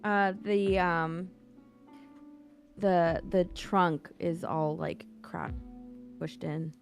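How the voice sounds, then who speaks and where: Woman telling an animated story. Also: on the low side, drawn-out words, creaky, faint music behind. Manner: animated storytelling, quotes herself. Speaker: guest painter. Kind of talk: casual chat.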